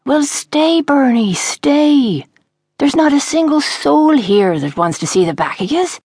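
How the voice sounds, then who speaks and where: A man's voice: very high voice, big pitch swings, measured pace, darkish tone, no echo, studio quality, pitched above the performer's own voice, heavily acted. A woman playing a hearty pal. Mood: pleading. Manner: pleading, hearty. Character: jovial Dublin man, old college friend.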